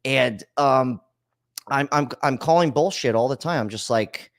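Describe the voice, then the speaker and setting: A man's voice: mid-range voice, a little slow, dry recording, studio quality. A man hosting a call-in podcast, ranting bluntly and swearing about living costs in casual chat. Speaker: podcast host. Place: home studio, Florida.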